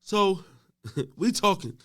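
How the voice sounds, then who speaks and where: A gravelly, fairly high-pitched man in middle age, talking as a guest on a casual podcast. He tells stories in a relaxed way, then rises into loud, laughing retellings. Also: slow. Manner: laid-back, gets loud and laughing when telling a story. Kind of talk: casual storytelling chat.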